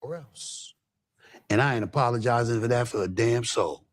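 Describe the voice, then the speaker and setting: A man's voice: mid-range voice, normal speed. A man on a talk panel, speaking emphatically and in a casual way, often repeating words for effect.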